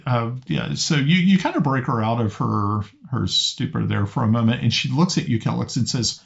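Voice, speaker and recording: Game master guy, lots of uhs and restarts, gravelly, kinda muffled audio. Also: mid-range voice, normal speed, hardly any pauses. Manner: hesitant, restarting often. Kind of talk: narrating a tabletop game.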